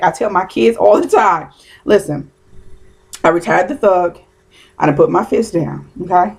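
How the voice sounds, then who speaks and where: A woman's voice: mid-range voice, animated, moderate pace, vocal fry, husky. A woman in her thirties giving an informal teaching talk as a preacher, conversational and storytelling, slipping into quoted asides.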